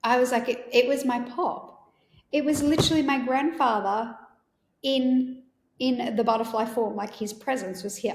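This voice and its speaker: Aussie woman podcaster, emotional rambly story, higher voice, echoey room. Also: measured pace, a little mellow. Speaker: podcast host. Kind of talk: personal storytelling.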